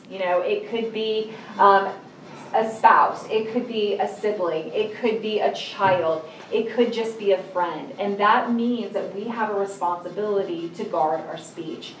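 A woman's voice: medium pitch, a little hiss or hum. A middle-aged woman preaching a sermon in a conversational way, telling personal stories and acting out scenes. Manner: conversational and animated, acting out scenes with sudden raised voices. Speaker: speaker at a church or ministry talk. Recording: roomy, distant mic with faint ambience.

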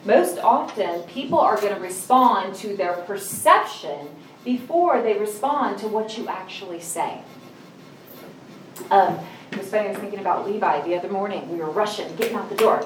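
A woman's voice: medium pitch, normal speed, slight background noise. Woman preaching in a roomy hall. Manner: conversational and animated, acting out scenes with sudden raised voices. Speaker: speaker at a church or ministry talk. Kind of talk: sermon with personal stories. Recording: roomy, distant mic with faint ambience.

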